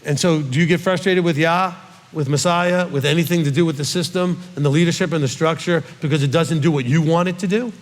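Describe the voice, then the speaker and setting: A man's voice: a little high, a little fast, in a large hall. A male rabbi reading scripture aloud and teaching from it, in a conversational way that puts questions to his listeners.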